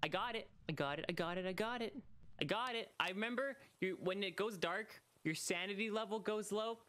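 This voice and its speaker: A young man streaming a solo horror game, chatting and teasing, calling out to the ghost in a singsong and bursting into high excited shouts. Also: brisk. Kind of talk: solo gaming livestream.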